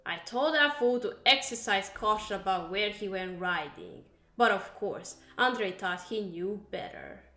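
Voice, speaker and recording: A woman reading a gruff, scornful horse owner. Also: mid-range voice, a little slow, hardly any pauses, a bit bright, roomy sound. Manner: curt, scornful.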